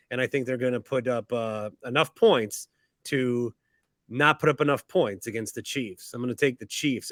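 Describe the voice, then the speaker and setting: A man with a bright, forceful voice cracks deadpan jokes while he hosts a podcast about sports picks. The sound is dry and close, with no room around it. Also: medium pitch, dry recording. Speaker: podcast host. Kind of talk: casual sports-picks banter.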